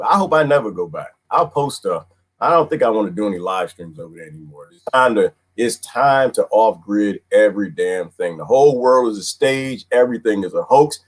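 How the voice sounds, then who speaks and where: A man ranting casually on a livestream, rambling in folksy slang, repeating himself and reading chat comments aloud. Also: a little fast. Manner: rambling and animated, swooping pitch, frequent laughs.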